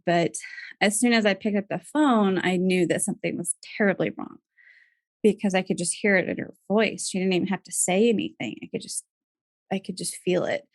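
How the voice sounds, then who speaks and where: Woman guest, 30s, soft-spoken personal storytelling, dry close sound. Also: mid-range voice, no room sound. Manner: soft-spoken, laughs through tears. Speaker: podcast guest.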